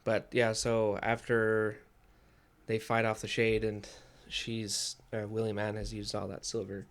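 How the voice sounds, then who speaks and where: A man co-hosting a podcast who chats casually about a book, chiming in with quick asides and hedges. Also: fairly low pitch, completely flat delivery. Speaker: podcast co-host.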